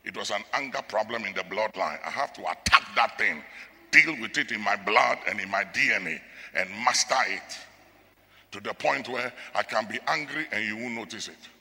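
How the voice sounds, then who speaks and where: A man preaching a sermon, his delivery swinging from quiet talk to shouted bursts, at times praying in tongues. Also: on the low side, expressive, normal speed. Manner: speaks in tongues. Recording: long hall reverb.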